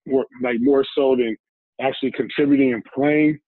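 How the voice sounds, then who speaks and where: A man in a relaxed interview drifts through a personal story, acting out what people said along the way. He comes through a narrow, phone-like line that is completely dry. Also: medium pitch, normal speed, no room sound. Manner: easygoing, rambling, recounts scenes with quoted dialogue. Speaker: guest, former football player. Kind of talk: casual storytelling.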